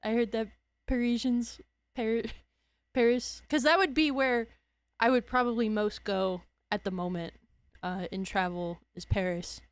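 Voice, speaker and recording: A woman's voice: fairly high pitch, steady tone, unhurried, no room sound. A young woman from Louisiana with a Cajun accent, chatting casually as a streamer, rambling, correcting herself and laughing often. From Louisiana, USA. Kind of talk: casual chat.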